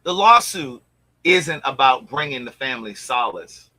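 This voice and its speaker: A man hosting a casual chat, telling a story in an animated, gossipy way with acted-out quotes. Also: mid-range voice, measured pace, poor audio. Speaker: host.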